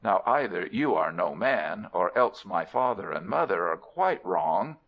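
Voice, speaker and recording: A man's voice: low-pitched, big pitch swings, unhurried, full character voice. A man voicing a young male lion who talks in a polite, eager, curious way. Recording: dull lo-fi recording.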